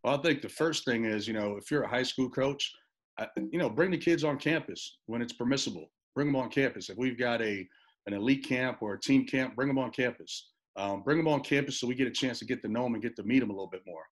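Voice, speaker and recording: A middle-aged man, a college basketball assistant coach, telling a recruiting story with animated back-and-forth, often repeating words as he goes. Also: mid-range voice, quick pace. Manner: animated storyteller, repeats words, acts out both sides of phone calls.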